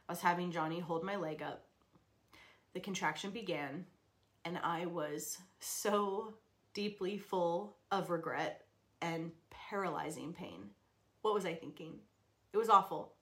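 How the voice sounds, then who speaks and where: A woman podcast host telling a personal story in a candid, expressive way, often laughing and sometimes swearing. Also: lowish voice.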